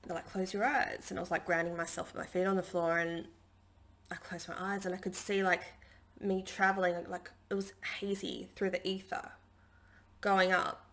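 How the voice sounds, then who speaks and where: Low gravelly-voiced woman. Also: little pitch movement, moderate pace, a bit bright. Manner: chatty and rambling, with many fillers. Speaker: spiritual healer and channelling teacher. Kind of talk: casual spiritual guidance talk. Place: home, at a dining table.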